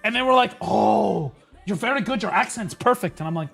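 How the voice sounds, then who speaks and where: A man streaming in a casual chat, rambling and excitable, stumbling over restarts and breaking into shouting bursts. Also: high-pitched, brisk, creaky, slightly rough, soft background music. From United States.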